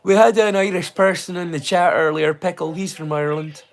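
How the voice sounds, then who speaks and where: Man, Doric Scottish accent, playful rambling stream chat, high-pitched voice. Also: a little fast. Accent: Northeast Scottish (Doric). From Scotland. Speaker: livestream host. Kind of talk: casual livestream chat.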